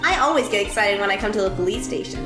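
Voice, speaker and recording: A woman's voice: medium pitch, animated, very fast, voice pushed down, close to an everyday voice. A woman voicing an earnest young girl character, reading game dialogue aloud in a slightly nasal voice. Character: young female forensics-loving girl, earnest. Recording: echoey room with game music.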